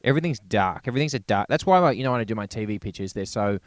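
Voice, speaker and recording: A man's voice: fairly low pitch, animated, very fast, no room sound. Male podcast co-host, wry and rambling, close dry mic. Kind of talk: casual comedy chat.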